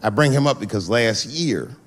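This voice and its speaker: A man doing a stand-up comedy routine on a live stage, telling stories in a loose, profane way with sudden high-pitched bursts. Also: animated, moderate pace.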